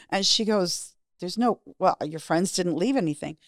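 A woman's voice: fairly low pitch, moderate pace, no echo, studio quality. A middle-aged woman, a podcast guest, candidly telling a personal story in a frank, profane way and acting out the lines of the people in it.

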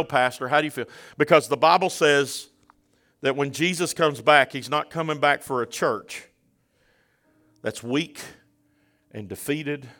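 A man, preaching a sermon as pastor, building to fervent peaks and asking the congregation direct questions. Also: mid-range voice. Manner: fervent preaching, rising to a near-shout at climaxes.

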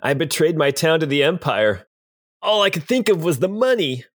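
A man's voice: on the high side, big pitch swings, normal speed, voice pushed up. A man voicing a drunk, guilt-ridden middle-aged rich man who talks in a mournful, self-pitying way. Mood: remorseful.

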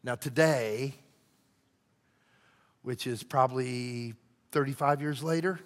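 A middle-aged man, a lead pastor, preaching with conversational storytelling that goes from lively to hushed and earnest. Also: mid-range voice, takes it slowly, long reverb tail. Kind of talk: storytelling sermon.

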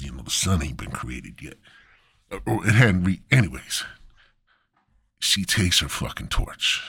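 A man's voice: breathy edge, no room sound. A man hosting a podcast, telling a crude comic story in a rambling, profane way. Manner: rambling and profane, with lively swings in pitch. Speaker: podcast host.

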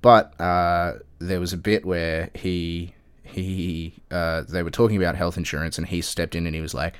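Deep-voiced man, wry and profane. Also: level tone, moderate pace, clear, resonant tone, dry recording. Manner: wry, sarcastic and profane, lots of fillers. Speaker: political commentator. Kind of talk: casual political commentary.

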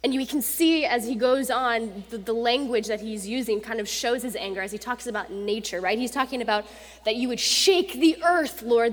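A young adult woman preaching a sermon in a conversational, animated way, acting out quotes with rising intensity. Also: a little high. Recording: long reverb of a large hall.

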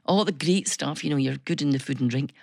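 Deep-voiced Scottish woman, gravelly and chatty. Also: brisk, no echo, clean studio sound. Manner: animated storyteller, chatty, many restarts. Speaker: business chamber chief executive, guest. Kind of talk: casual radio chat.

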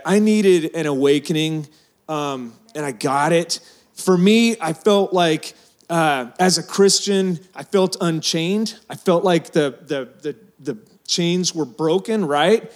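Excited high-voiced man giving testimony. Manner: excited, rambling storytelling with restarts. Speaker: church mission team member. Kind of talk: testimony to a congregation. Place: church sanctuary.

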